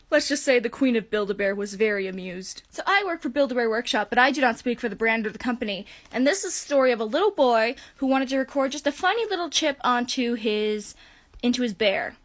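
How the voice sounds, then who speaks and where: A woman's voice: a little high, expressive, a little fast. A woman who works in a toy store, telling amused stories about customers in a casual way to camera. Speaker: retail store employee.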